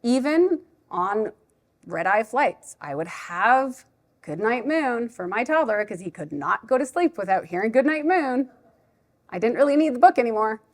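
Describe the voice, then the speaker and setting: A woman who teaches preschool, giving a chatty, animated live talk to a parent audience at a library event. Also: a little high. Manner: chatty, animated, self-deprecating.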